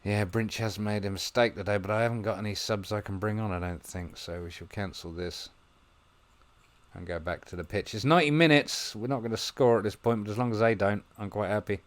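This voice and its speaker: A man talks through his football management game in a lowish voice. He muses quietly over his tactics, then breaks into excited commentary when the chances come. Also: fairly quick. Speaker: gaming video host. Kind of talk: gameplay commentary.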